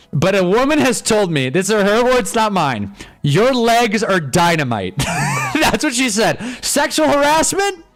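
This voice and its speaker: Exasperated young man streaming a game. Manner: swings from muttering low to loud exasperated outbursts. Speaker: live-stream sports fan host. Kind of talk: casual live reaction commentary.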